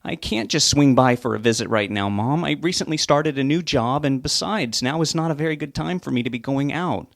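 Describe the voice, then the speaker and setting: A man voicing an irritated, impatient adult son who talks in a sharp, exasperated way. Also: mid-range voice, lively intonation, brisk, creaky, few pauses, dry recording, studio quality, pitched above the performer's own voice. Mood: wary.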